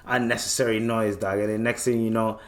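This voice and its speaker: Slangy, animated young man. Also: fairly low pitch, a little fast. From Canada. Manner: loose, slangy and animated, acts out voices in bits. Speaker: podcast host. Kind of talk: casual solo podcast rant.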